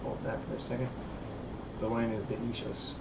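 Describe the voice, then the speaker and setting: A man's voice: mid-range voice, completely flat delivery, moderate pace, gravelly. Chatty man live-streaming in a roomy workshop. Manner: rambling, chatty, answers chat comments. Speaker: stream host and puppet builder. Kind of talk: casual live-stream chat. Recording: roomy, dull, faint hiss.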